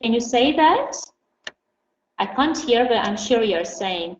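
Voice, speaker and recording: Higher-voiced Armenian woman teaching English online. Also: expressive. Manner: patient, repeats model phrases slowly. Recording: roomy, dull lo-fi audio with faint hiss.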